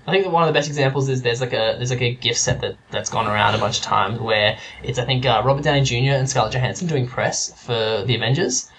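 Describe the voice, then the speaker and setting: A man's voice: mid-range voice, fairly bright tone, slight background noise. A man chatting casually about films, rambling with lots of fillers and restarts. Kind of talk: casual chat.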